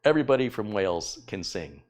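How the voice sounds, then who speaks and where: A middle-aged man with a fairly low voice, talking casually to a live audience from his kitchen. He rambles with fillers and gently teases viewers as he thanks them. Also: animated, a little fast. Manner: chatty, teasing, rambling with fillers. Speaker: tech YouTuber hosting a live stream. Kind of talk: casual live-stream chat reading donations. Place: home kitchen.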